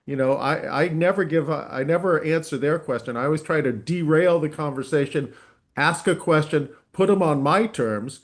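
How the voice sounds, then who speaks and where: A man's voice: on the high side, normal speed. A man on a video call giving confident, matter-of-fact advice. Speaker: participant.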